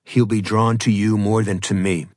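A man's voice: on the low side, flat delivery, normal speed, a little mellow, no echo, natural voice. A man voicing a terse, agitated young man in an audiobook, speaking in short, urgent orders. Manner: clipped and urgent.

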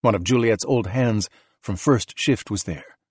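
A man narrating an audiobook in a steady, measured reading voice. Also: lowish voice, slightly rough, no room sound. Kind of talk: scripted narration.

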